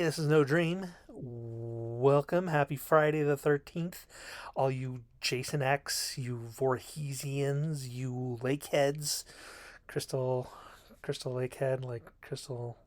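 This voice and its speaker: A man talks through a horror film review in a loose, rambling way, cracking jokes at his own expense. His voice sits at an ordinary middle pitch. It sounds dry and close, recorded in a bedroom with no room echo. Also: steady tone, slow. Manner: rambling, self-mocking, jokey. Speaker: video reviewer. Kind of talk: casual film review monologue.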